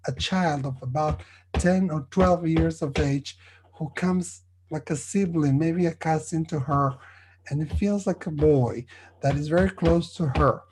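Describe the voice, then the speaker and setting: A man serving as a spiritualist medium, delivering spirit messages at a service in an earnest, halting way, often checking in with his listeners. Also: on the high side, noisy background.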